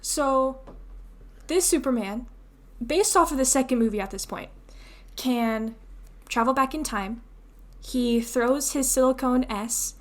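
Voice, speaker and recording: A woman's voice: high voice, unhurried, long pauses. A young adult woman co-hosting a podcast, rambling in casual chat with many fillers and laughs. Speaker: podcast co-host.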